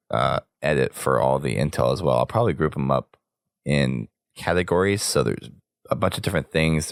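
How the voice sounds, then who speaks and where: A sick, hoarse man hosting a podcast, rambling casually through news and sign-off plugs. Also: a bass voice, no echo, studio quality. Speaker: podcast host.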